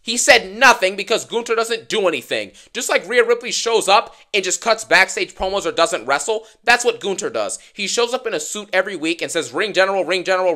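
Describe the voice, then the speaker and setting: A man hosting a wrestling review channel, ranting fast and dismissively about last night's show. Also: high-pitched, sharp tone. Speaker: wrestling YouTuber.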